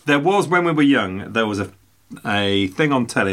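A man's voice: mid-range voice, sing-song, moderate pace, a bit bright. Guy rambling on a podcast, bouncy sing-song delivery, cracking jokes at himself. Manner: jokey, rambling, self-mocking anecdotes. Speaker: podcast co-host. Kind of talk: casual podcast chat.

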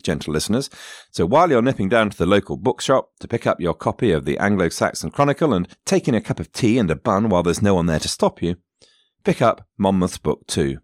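A man's voice: low-pitched, very animated, brisk, no echo, studio quality. A man narrating history as a podcast host, with wry asides and digressions spoken directly to his listeners.

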